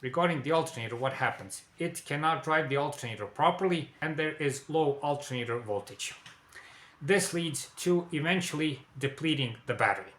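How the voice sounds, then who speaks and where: A man teaching car maintenance in a clear, instructional way, pausing to check in with viewers. His voice is bright and forceful and sits a bit high for a man. The sound carries the roomy echo of a garage. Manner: repeats "okay?" and addresses "dear viewers". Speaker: car repair presenter. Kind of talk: instructional explainer.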